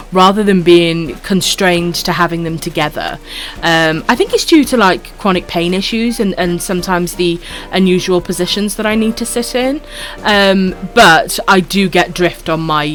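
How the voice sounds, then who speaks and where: A woman with a Welsh accent chatting casually on a live stream while gaming, swearing freely and calling viewers love and sweetheart. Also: fairly low pitch. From Wales.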